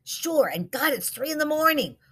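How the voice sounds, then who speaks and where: A woman voicing Zelda, a friend woken by a phone call in the night, talking in a gruff, matter-of-fact way. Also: high-pitched, big pitch swings, normal speed, voice pushed up. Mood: grumpy.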